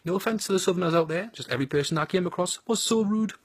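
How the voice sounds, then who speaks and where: A man's voice: high-pitched, rapid-fire, breathy edge, no room sound, clean studio sound. A man with a Geordie accent giving a crude, blunt and sardonic comic monologue about his home city. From North East England.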